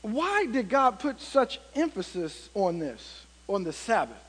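A man with a high voice preaches a sermon as pastor. He tells stories with many fillers and builds to emphatic peaks, and the sound rings with the long reverb of a church hall. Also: big pitch swings, unhurried, fairly bright tone, husky. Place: church sanctuary.

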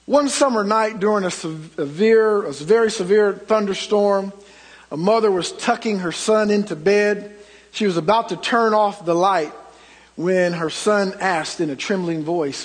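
A middle-aged man delivers a storytelling sermon in a high, slightly husky voice. He swings from loud emphatic lines to hushed asides. A long reverb from the church hall trails after his words. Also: a little slow. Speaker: pastor.

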